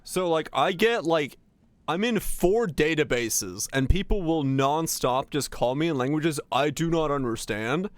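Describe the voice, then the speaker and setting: A man's voice: a little high, expressive, unhurried, no room sound. A streamer from Finland with an American accent carrying slight Southern touches, rambling casually as he answers chat.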